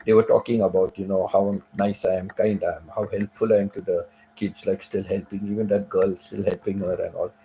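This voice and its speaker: A man on a live stream telling a personal story in a casual, emotional way, repeating phrases and filling pauses with "you know.". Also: deep voice, little pitch movement, gravelly, dark tone, slight background noise, rough recording.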